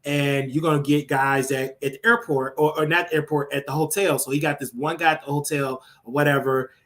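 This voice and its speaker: A man hosting a casual gossip talk show. He tells his stories in an animated, dishy way, with sudden leaps up in pitch and quieter, hushed asides. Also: brisk. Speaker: show host.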